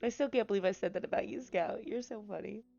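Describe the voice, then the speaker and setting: A woman live streaming from the office room of her apartment over a headset mic, chatting slowly and softly with viewers and cooing to her pet. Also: medium pitch, creaky, lo-fi sound, faint music behind. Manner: slow, soft-spoken and chatty, cooing baby talk to her pet. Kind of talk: casual live-stream chat. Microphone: headset microphone.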